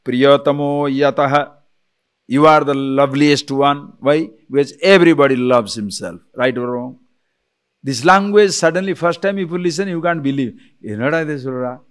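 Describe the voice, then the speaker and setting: Animated man giving a spiritual lecture. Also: on the high side, moderate pace, smooth. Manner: animated, rhetorical questions, chuckles often. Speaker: spiritual teacher.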